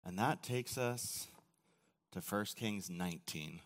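A man preaching a sermon, telling the story casually with acted quotes, often dropping to a quiet, low voice. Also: slow. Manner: casual storytelling with acted quotes and sudden drops to near-whisper. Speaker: pastor. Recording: long hall reverb.

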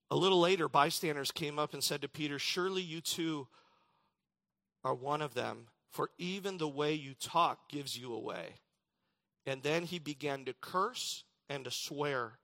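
A man preaching a sermon, reading scripture dramatically and swinging between loud declarations and hushed lines. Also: a little high, a little slow, gravelly. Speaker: pastor.

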